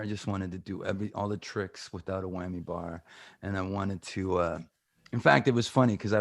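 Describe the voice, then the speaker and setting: Low-voiced Canadian man telling stories. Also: no echo. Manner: animated storyteller who acts out quoted voices. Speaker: guest guitarist. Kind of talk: casual chat.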